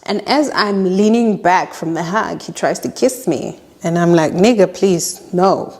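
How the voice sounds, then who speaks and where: South african girl telling a dating story, kinda low voice, jumps up high when she acts stuff out. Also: normal speed. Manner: animated, acts out quoted lines with pitch jumps. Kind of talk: casual storytime monologue.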